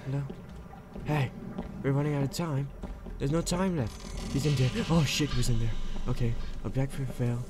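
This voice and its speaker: A man's voice: medium pitch, steady tone, normal speed, noisy background. A man playing a horror game on camera, talking nervously to himself as he goes and swearing and screaming at the scares. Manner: nervous running self-talk. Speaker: gaming video host.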